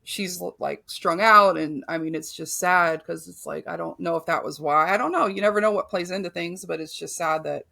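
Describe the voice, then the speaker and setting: A woman's voice: on the low side, moderate pace, creaky, hardly any pauses, bright, forceful tone. A woman guest on a podcast, telling a painful personal story candidly and bluntly, with frequent swearing and filler words.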